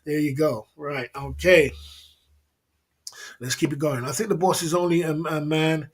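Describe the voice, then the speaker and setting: A man's voice: fairly high pitch, fairly even intonation, unhurried, husky. Chatty man hosting a livestream. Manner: chatty, laughs often, keeps asking "you know what I mean". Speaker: livestream host. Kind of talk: casual livestream chat.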